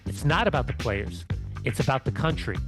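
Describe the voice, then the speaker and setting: A man's voice: medium pitch, sing-song, fairly quick, over music. A man co-hosting a podcast and chatting casually, telling rambling stories with lots of restarts. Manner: rambling storyteller with many restarts. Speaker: co-host.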